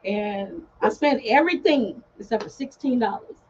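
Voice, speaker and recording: A woman guest on a podcast telling her story in a casual, animated way, laughing often and acting out other people's voices. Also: fairly high pitch, moderate pace, a little hiss or hum. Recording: dull lo-fi podcast audio.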